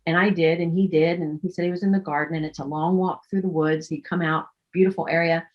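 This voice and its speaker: A woman's voice: fairly low pitch, steady tone, fast, dull audio. A woman storyteller telling a personal story in a casual way, with wry, self-deprecating humor.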